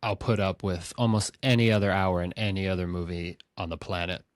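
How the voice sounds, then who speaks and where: Excitable man hosting a podcast. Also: sits low, a little fast, no room sound, clean studio sound. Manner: excitable, animated storytelling. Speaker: podcast host. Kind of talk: casual movie podcast chat.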